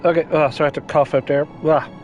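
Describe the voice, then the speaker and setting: A hoarse man streaming a video game, chatting casually between reading lines aloud. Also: a little high, little pitch movement, racing, lo-fi sound, soft background music. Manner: chatty, self-deprecating asides. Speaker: gaming streamer.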